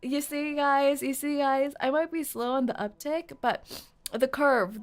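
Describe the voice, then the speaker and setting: Giggly high-voiced woman streamer. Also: unhurried, clean tone. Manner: giggly, playful, keeps stumbling over a mock British accent. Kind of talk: reading a game story aloud and chatting with chat.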